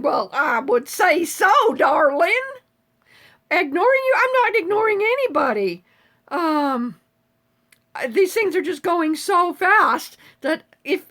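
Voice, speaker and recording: A woman in her seventies with a very high, lively voice, chatting casually as she answers viewers on a live stream. She talks in a salty, easygoing way and swears freely. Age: 70s.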